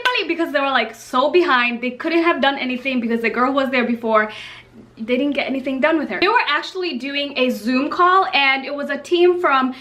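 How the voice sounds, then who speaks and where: A young woman telling a story in a casual, animated, slang-filled vlog. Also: high voice. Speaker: vlogger.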